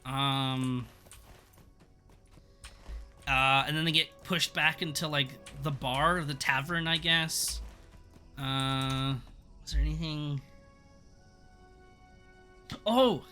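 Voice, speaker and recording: A man with a very bright, sharp voice chats casually through an episode recap on his stream. He pitches a bit high for a man and keeps the tone amused, with loose, rambling sentences. Faint music plays under him. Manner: rambling and amused, laughs at scenes, acts out quick quotes. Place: home streaming setup.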